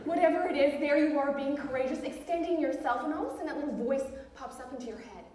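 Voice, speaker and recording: An actress playing a brash, pushy self-help author on a theatre stage, talking with giggly, nervous laughs. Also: female voice, high voice, quick pace, a crowd in the background, close to an everyday voice. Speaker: self-help author giving a book talk. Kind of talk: live stage theatre monologue. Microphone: far room mic in the audience. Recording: echoey, distant theatre hall recording.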